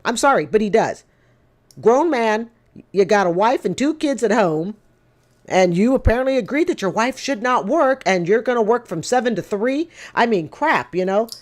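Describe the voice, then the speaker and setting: A woman in her fifties giving casual, opinionated commentary, blunt and emphatic, repeating her points to drive them home. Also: a little high. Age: 50s. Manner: lecturing, addresses people directly. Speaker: commentator reacting to call-in show clips.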